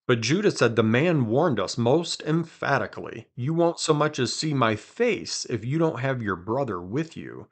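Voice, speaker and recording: A man hosting a podcast, reading scripture aloud with quiet dramatic emphasis and chatting between passages. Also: mid-range voice, animated, normal speed, few pauses, breathy edge. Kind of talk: conversational Bible reading.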